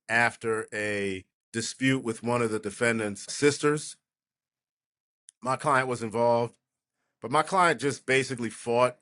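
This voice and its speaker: A man in his sixties from New Jersey, a trial lawyer telling lively anecdotes as an interview guest, often laughing and acting out others. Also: medium pitch. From New Jersey, USA. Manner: animated anecdotes, acting out quoted voices, laughing. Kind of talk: casual storytelling interview.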